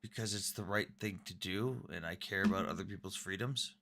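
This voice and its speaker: A man's voice: sits low, brisk, vocal fry, bright, forceful tone, a little hiss or hum. A man hosting a casual online debate, talking bluntly and sarcastically with frequent swearing. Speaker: debate host.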